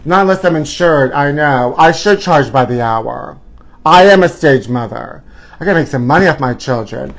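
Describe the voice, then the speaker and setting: A man's voice: fairly high pitch, vocal fry, slight background noise. A man hosting his own live stream, chatting in a campy, gossipy, theatrical way and calling his viewers honey. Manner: calls viewers honey and trashies. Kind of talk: casual live-stream chat. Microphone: own camera.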